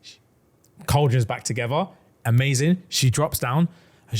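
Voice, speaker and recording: This young podcast co-host has a medium-pitched voice and talks at a normal speed while animatedly recounting a book's story. Chatting casually, he performs the characters' dialogue, raising his voice for their lines.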